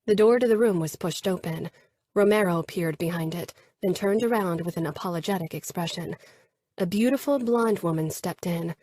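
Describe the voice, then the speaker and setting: Breathy female audiobook narrator. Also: fairly low pitch, moderate pace, dark tone. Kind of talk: first-person romance audiobook narration.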